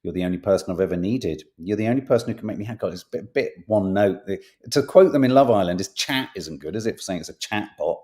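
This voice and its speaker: Man, podcast host, casual chat, reading headlines, jokey, lively pitch. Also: quick pace, hardly any pauses. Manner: jokey, reads quotes aloud with playful emphasis, swears.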